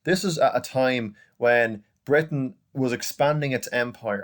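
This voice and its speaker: A man's voice: medium pitch, measured pace. A young adult man with an Irish accent, teaching a recorded online lesson in a chatty way, often saying "okay" and "guys". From Ireland.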